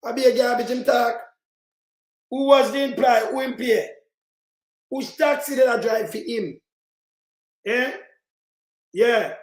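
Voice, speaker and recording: A man's voice: extremely high pitch, unhurried, pauses often, echoey room. A Jamaican man giving heated, mocking commentary in patois as he reacts to played clips. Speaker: political commentator.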